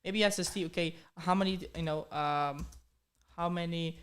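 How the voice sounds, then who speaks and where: A man's voice: fairly high pitch, steady tone, moderate pace, fairly bright tone, smooth. A man with a slight accent coaching viewers in a live training, upbeat and repetitive, often checking in with "okay?" and "right?". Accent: slight foreign accent. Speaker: coding career coach hosting a live training. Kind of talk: live-streamed motivational coaching talk.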